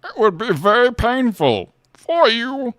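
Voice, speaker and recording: A man doing an impression of a hulking masked male villain, speaking in a slow, theatrical cadence that swoops up and down. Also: extremely high pitch, sing-song, fairly bright tone, no room sound, clean studio sound, pitched above the performer's own voice, full character voice. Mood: menacing.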